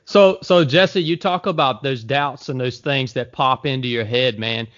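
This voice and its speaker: A man's voice: mid-range voice, a little slow, fairly bright tone, dry recording, muffled recording. Man asking rambling questions, dry sound. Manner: rambling questions with frequent restarts, says "man" often. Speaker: podcast host. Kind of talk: conversational podcast interview.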